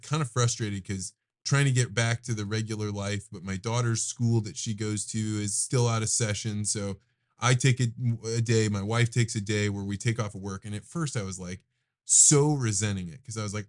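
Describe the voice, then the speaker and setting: A man hosting a podcast, telling stories about fatherhood in a reflective way and often shifting between quick and slow delivery. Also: fairly low pitch, fairly even intonation. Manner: reflective storyteller, eager, speeds up and slows down. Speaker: podcast host. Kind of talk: casual conversation.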